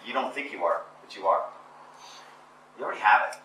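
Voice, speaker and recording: A man's voice: lowish voice, animated, brisk, sharp tone, a little hiss or hum. A man giving a motivational seminar talk to an audience, emphatic and repetitive, with stammering restarts. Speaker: speaker addressing a seminar audience. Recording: echoey room from far off.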